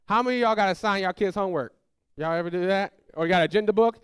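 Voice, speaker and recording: A fast-talking pastor with a high-pitched, smooth voice tells family stories from the pulpit, animatedly voicing the quotes in raised tones. He invites the congregation to call out, and the clean studio recording has no echo.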